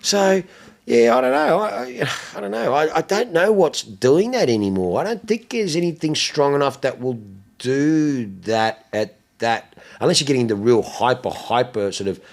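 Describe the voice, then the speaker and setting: A man's voice: on the high side, moderate pace, creaky. A man hosting a casual car chat, telling stories with plenty of swearing and acted-out quotes. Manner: animated storyteller, swears freely, acts out quotes.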